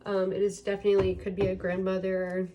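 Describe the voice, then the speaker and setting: A woman's voice: medium pitch, monotone, brisk, noisy background. A woman giving a casual tarot reading, talking in a rambling, chatty way full of ums and likes. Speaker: tarot reader.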